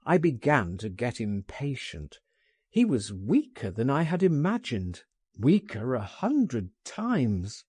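A man narrating an audiobook memoir in an expressive, theatrical manner. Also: mid-range voice, takes it slowly, breathy edge, no echo, studio quality.

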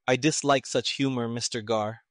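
A man voicing a gruff, short-tempered male army colonel who mutters his lines. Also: medium pitch, steady tone, normal speed, fairly bright tone, no echo, clean studio sound, close to an everyday voice.

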